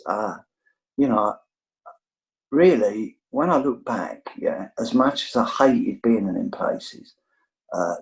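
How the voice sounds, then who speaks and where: A man's voice: medium pitch, poor audio. A middle-aged English man with an English accent, telling his recovery story over a video call in a rambling, candid way full of fillers. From England. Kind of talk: casual storytelling.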